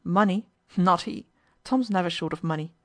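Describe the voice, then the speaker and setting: A woman's voice: lowish voice, moderate pace, close to an everyday voice. A woman reading as a quavering, frightened evasive woman. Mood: defensive. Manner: quavering, defensive, dogged. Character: frightened, evasive lodging-house woman, stubborn.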